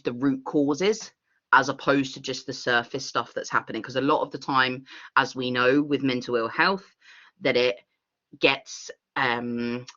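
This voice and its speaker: A bright-voiced woman answers questions in an online workshop, talking with eager, rambling enthusiasm. The video call audio sounds muffled and dull. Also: a bass voice. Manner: enthusiastic, rambling, laughs often. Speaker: workshop facilitator.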